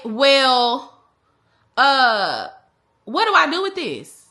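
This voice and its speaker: A young woman telling a personal story in a casual, animated way, using slang and acting out the other people. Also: very high-pitched, measured pace. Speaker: vlogger. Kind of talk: storytime vlog.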